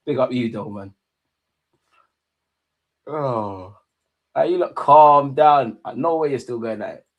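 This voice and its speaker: Excitable young man streaming football. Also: medium pitch, takes it slowly, pauses often, highs cut off. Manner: excitable banter with chat, London slang, swears, laughs often. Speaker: football watch-along streamer. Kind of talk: live match watch-along chat.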